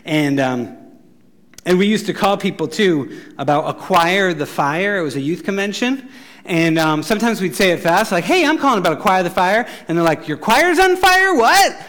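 A middle-aged man delivers a sermon in a slightly higher voice than most men. He is animated and playful, slipping into quoted voices. He laughs at his own jokes as he goes. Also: normal speed. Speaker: pastor.

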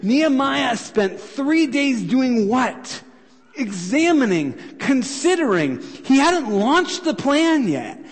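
Guy preaching a sermon, high voice, chatty, asks the room questions, long echo in the church. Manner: conversational preaching with rhetorical questions. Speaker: pastor. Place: church sanctuary. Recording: long reverb of a church hall.

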